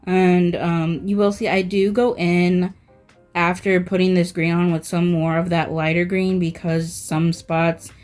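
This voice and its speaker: A woman's voice: lowish voice, flat delivery, darkish tone, faint music behind. A woman talking through a nail art tutorial in a casual, rambling voice-over, full of fillers like "um" and "like". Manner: slow, filler-heavy, rambling.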